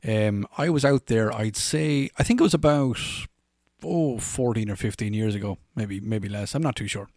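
A man's voice: on the low side, normal speed, a little mellow, no echo, studio quality. An Irish man in his forties, a podcast host rambling through funny anecdotes and laughing at his own stories. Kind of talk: casual anecdotal storytelling.

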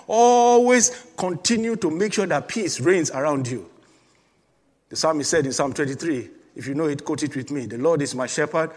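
A man's voice: on the high side, big-room sound. A man preaching a sermon with emphatic repetition, calling on the congregation to respond. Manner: emphatic preaching with repeated calls and congregation prompts. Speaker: pastor.

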